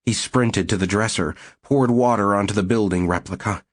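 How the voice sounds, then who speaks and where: Low husky male audiobook narrator. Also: normal speed. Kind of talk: scripted narration.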